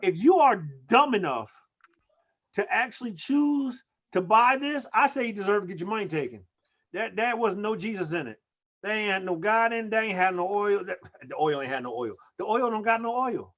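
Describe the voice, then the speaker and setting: Animated joking man, high voice. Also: normal speed. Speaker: co-host. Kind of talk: casual comedic chat. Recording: muffled lo-fi audio.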